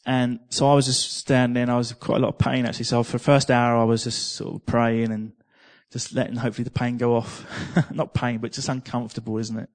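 Speaking quickly with little pitch movement, a preacher with a middle-pitched voice tells his congregation a personal testimony. His delivery is conversational, with repeated words and small laughs here and there.

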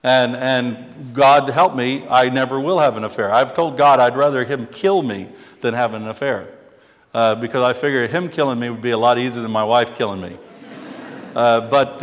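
A male pastor giving a chatty, humorous sermon, telling stories about himself with frequent restarts. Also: medium pitch. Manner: chatty, self-deprecating storyteller with many restarts. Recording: long hall reverb.

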